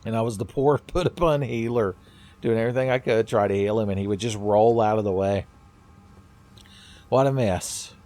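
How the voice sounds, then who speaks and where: A man's voice: lowish voice, normal speed, dark tone. A man hosting a let's-play of a video game, talking in a wry, sarcastic and profane way and laughing often. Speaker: gaming video host. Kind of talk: casual let's-play commentary.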